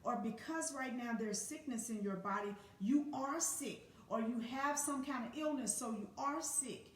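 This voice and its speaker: A woman's voice: on the high side, moderate pace. Blunt, profane woman in an echoey room. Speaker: spiritual teacher. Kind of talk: casual motivational talk. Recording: echoey room, distant from the mic.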